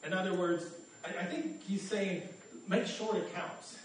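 Preaching in a high, steady, unhurried voice, a pastor keeps his sermon earnest and conversational while repeatedly stammering over his opening words. The recording comes from far off in an echoey room, with a faint hiss or hum.

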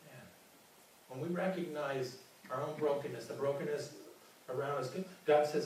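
A man's voice: mid-range voice, steady tone, moderate pace, long pauses, darkish tone, slight background noise. A man preaching a sermon as pastor, earnest and often repeating his words. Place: large church hall. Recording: very echoey hall, mic from far.

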